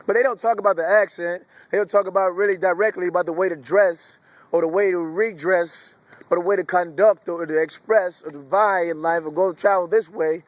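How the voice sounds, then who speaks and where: High-voiced man in a rambling rant. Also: dry recording. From United States. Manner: preachy, wandering, profane. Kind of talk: rambling monologue.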